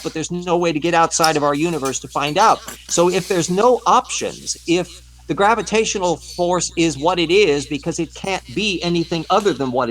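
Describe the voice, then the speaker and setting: A man on a live stream discussion, explaining in a measured, professorial way. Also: fairly high pitch, fairly bright tone, low-quality recording. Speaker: panelist.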